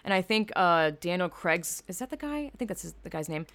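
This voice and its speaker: A woman's voice: lowish voice, very animated, brisk, a bit bright. A young woman hosting her own podcast, talking in a casual, rambling way with lots of swearing, fillers and blunt opinions. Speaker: podcast host. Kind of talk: casual solo podcast monologue.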